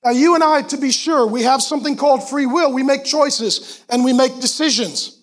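A middle-aged male pastor preaching a sermon with animated storytelling and acted-out voices. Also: very high-pitched, normal speed.

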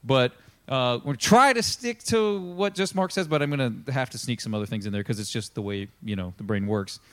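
A man giving a relaxed, conversational sermon at a middle pitch. He talks the way he would talk with friends and slips into quick acted voices for the people in the story. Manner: casual, chatty, acts out quoted voices. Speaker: pastor.

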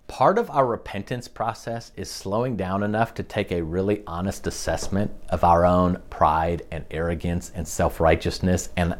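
Animated man preaching a sermon. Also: on the low side. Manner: conversational preaching, frequent "okay?" check-ins. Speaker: pastor.

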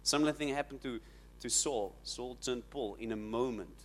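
A man preaching a sermon, building to loud, dramatic peaks as he retells the story. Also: medium pitch, normal speed. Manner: dramatic, rising to shouts when quoting. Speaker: pastor.

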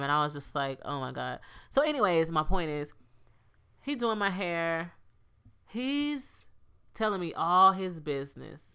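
Low-voiced woman telling animated stories. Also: vocal fry, smooth. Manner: animated storyteller, acts out quotes. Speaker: podcast co-host. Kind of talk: casual chat.

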